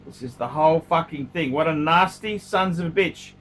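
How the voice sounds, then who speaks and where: A man's voice: a little high, moderate pace, fairly bright tone. A man, a watch collector, ranting casually to camera with heated, profane language.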